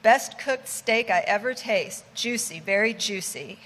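A woman's voice: medium pitch, unhurried, a bit bright. A woman voicing a grumbling old male ship's cook in his nineties, muttering and testy, with a preacher-like cadence. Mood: sullen.

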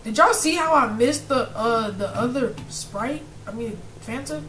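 A young gamer commentating a horror game, bursting into loud panicked screams between jokey banter. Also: medium pitch, expressive, measured pace, a little hiss or hum, low-quality recording.

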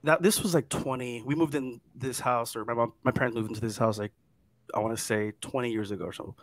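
Male guest, casual storyteller, lively then hushed, dry mic sound. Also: mid-range voice, quick pace, no echo. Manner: animated, drops to hushed tones at scary parts. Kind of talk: casual chat, telling a ghost story.

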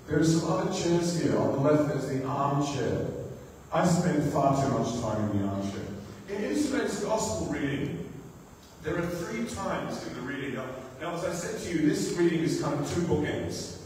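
A man's voice: mid-range voice, a little mellow, a little hiss or hum. Man preaching in an echoey church. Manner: conversational preaching, asks the congregation questions. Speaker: pastor. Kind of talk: sermon. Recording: echoey church hall, mic far off.

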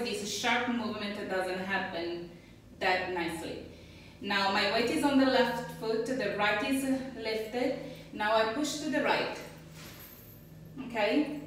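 A woman's voice: a little high, a little slow, fairly bright tone, a little hiss or hum. A woman teaching a belly dance class, counting rhythms and explaining steps patiently. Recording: echoey room, voice from far off.

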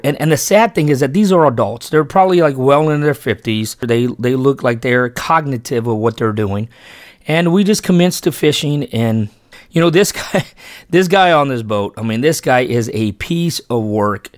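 A man with a medium-pitched voice tells a fishing story in a loose, rambling way, restarting sentences and correcting himself as he goes. He sounds earnest and turns emphatic when he talks about his son. The recording is dry and close, with almost no room sound. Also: no room sound. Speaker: fishing channel host and father. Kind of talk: casual storytelling vlog narration.

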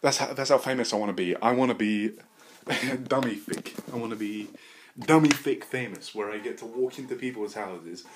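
Hosting a solo podcast, a man rambles through a crude, jokey monologue that erupts now and then into loud bursts of mock bravado. His mid-range voice moves at normal speed, and a faint hiss or hum sits in the background.

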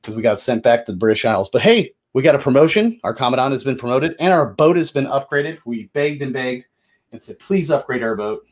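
A man talks through board game rules in a relaxed, chatty way, mid-pitched, often stopping to correct himself. He wanders between the rules and small talk. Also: fairly quick. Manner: chatty and loose, lots of fillers and self-corrections. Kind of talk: casual rules walkthrough.

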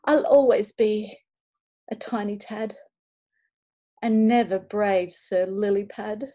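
A woman's voice: mid-range voice, slow, dark tone. A woman voicing a small, brave, overeager male frog knight in a storybook reading. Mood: wailing.

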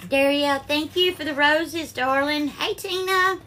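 A woman's voice: high-pitched, measured pace, bright, forceful tone, a little hiss or hum. A woman with a Southern accent hosting a live cooking stream from her home kitchen, chatting affectionately with viewers and calling them darling. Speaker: cooking livestream host.

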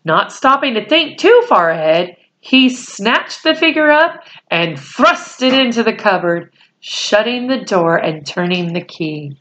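A woman's voice: medium pitch, sing-song, unhurried, a bit bright. A woman reading a children's novel aloud, who corrects small slips and stops to explain words. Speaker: storyteller.

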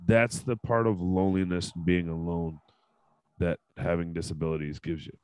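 A man's voice: deep voice, little pitch movement, normal speed, darkish tone, clear, resonant tone, dry recording, poor audio. A man hosting a casual panel podcast, talking candidly and emotionally with frequent swearing. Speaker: podcast host.

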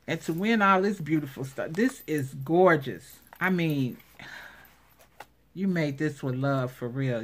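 Gushing low-voiced woman unboxing crafts. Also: expressive, a little slow. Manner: gushing, exclaims over each item. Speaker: craft vlogger showing giveaway prize. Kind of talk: casual unboxing commentary.

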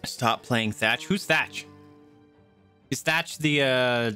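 A game streamer giving excited live commentary while playing, swearing often and squealing and yelping at the action. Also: mid-range voice, takes it slowly, smooth. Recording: loud game music behind the voice.

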